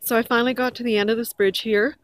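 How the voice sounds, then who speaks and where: A woman's voice: fairly high pitch, steady tone, fast talker. A woman chatting casually to her camera while walking and jogging outdoors in a park, a little out of breath, rambling and correcting herself. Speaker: vlogger. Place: outdoors in a park by a river bridge. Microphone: handheld camera. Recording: noisy outdoor camera audio.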